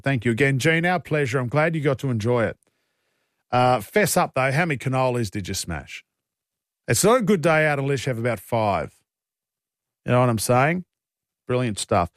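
A man's voice: mid-range voice, no echo, clean studio sound. Chatty radio host man. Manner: chatty, opinionated, joking. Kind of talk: talkback radio chat.

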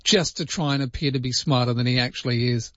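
A middle-aged man with an Australian accent, hosting a casual talk radio show, jokey and animated. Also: medium pitch, fast, no echo, highs cut off. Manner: jokey, animated, puts on voices. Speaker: radio host.

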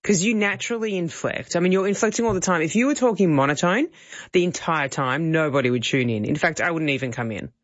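A woman's voice: sits low, animated, quick pace, dry recording, muffled recording. A woman with an Australian accent, a guest coach giving upbeat, instructive advice in a radio studio. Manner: upbeat, instructive, laughs often. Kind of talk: casual coaching chat.

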